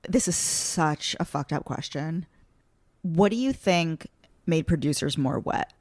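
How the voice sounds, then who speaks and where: A woman with a fairly low voice hosts a casual podcast chat. She talks in a candid, chatty way with loose, rambling phrasing. The sound is dry and close. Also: unhurried, darkish tone, dry recording. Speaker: podcast host.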